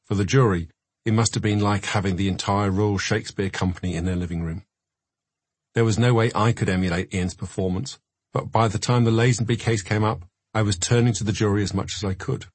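A man narrating a memoir audiobook in a measured, reflective way. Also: on the low side, steady tone, husky, no room sound.

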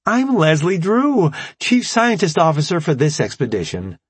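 A man voicing a bubbly, eager young female chief scientist in an audiobook, pitching up high and chirpy. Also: wildly swooping pitch, normal speed, breathy edge, no room sound, heavily acted.

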